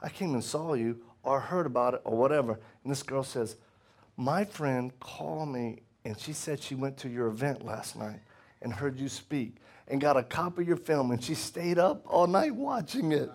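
A middle-aged man gives an animated testimony sermon to a live audience, his medium-pitched voice moving at a moderate pace. Laughter comes often as he swings from loud exclamations to soft, hushed tones.

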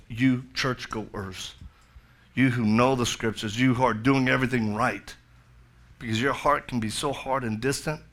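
A man's voice: mid-range voice, fairly bright tone. A middle-aged male pastor preaching a sermon, telling a story with jokey asides and then building to fervent appeals.

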